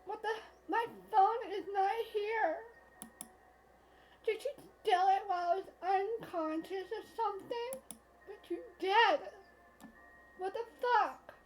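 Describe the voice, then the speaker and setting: A woman's voice: very high voice, takes it slowly, long pauses, slight background noise, pitched above the performer's own voice, low-quality recording. A woman in her twenties voicing a rattled, defensive young woman, reading a visual novel aloud in a flustered, exasperated manner. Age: 20s.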